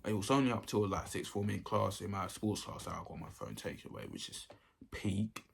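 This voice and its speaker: Gravelly young man rambling. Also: fairly low pitch, fairly quick. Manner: rambling, repeats himself often. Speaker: vlogger. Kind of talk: casual storytelling.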